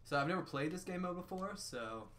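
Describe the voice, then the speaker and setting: A young man playing as a guest in a casual gaming chat, nervous and self-mocking with quick exclamations. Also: high-pitched, expressive, a bit bright. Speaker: guest gamer. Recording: faint background noise.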